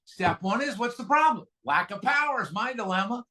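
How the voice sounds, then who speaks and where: Man, high voice, bright forceful tone, candid self-mocking storytelling, recovery meeting share. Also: lively intonation, a little fast. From California, USA. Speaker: guest speaker at a recovery meeting.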